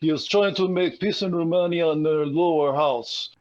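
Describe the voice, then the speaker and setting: A man's voice: fairly high pitch, moderate pace, darkish tone, lo-fi sound, lightly acted. A man voicing an elderly male scientist, fussy and guarded, in a thick put-on foreign accent. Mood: proud.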